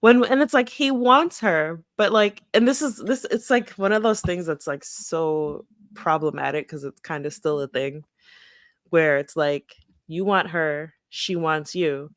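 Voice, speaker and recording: A woman's voice: deep voice, measured pace, no echo. Woman chatting casually, dry close sound. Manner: conversational, retells scenes with quoted asides. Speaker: podcast co-host. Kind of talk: casual book club chat.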